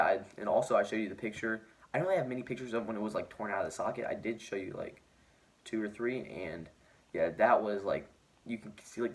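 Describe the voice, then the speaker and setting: A teenage boy vlogging, telling his story in a rambling way with lots of "like" fillers, sounding injured and shaken. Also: lowish voice. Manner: rambling, heavy use of "like" fillers. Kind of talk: casual storytelling to camera.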